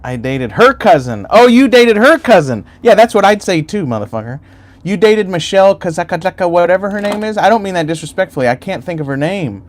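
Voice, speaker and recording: A man hosting a casual livestream, rambling loosely and swearing freely while he chats with viewers. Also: fairly high pitch. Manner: rambling and profane, chatting to chat. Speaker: YouTube livestream host.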